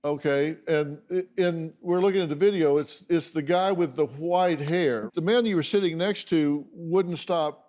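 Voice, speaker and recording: A man's voice: on the high side, unhurried, darkish tone. A man hosting a talk show and asking his guests probing questions. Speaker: host. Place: TV studio.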